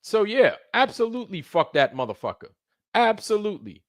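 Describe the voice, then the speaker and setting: A man with a fairly high-pitched voice rants on his livestream, fired-up and profane, hammering each point with repeats. The sound is dry and close, with no room around him. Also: big pitch swings, a little fast, dry recording. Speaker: livestream host. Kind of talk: heated ranting commentary.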